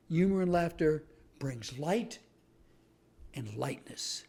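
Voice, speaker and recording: A man's voice: a little high, sing-song, slow, creaky, pauses often, breathy edge. A man hosting a talk, telling true stories about finding humor in hard times with punchy, emphatic repetitions. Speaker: host and author. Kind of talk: motivational talk.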